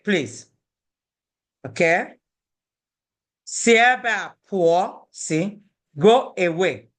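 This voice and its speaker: Slow, patient Igbo language teacher. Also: medium pitch, bright, forceful tone. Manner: patient, repeats each phrase, checks in with "okay?". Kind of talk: language lesson, explaining and repeating phrases.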